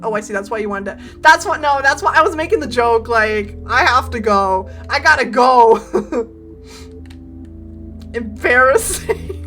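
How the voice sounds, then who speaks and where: A young woman streaming a horror game, excitable, laughing often and swearing casually. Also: a little high. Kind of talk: casual gameplay commentary.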